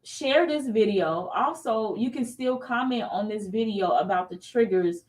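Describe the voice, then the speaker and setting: A woman in her thirties hosting a casual faith talk show, telling stories with animated energy and acting out quoted dialogue. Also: mid-range voice, a little slow, recorded from a distance, low-quality recording. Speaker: host.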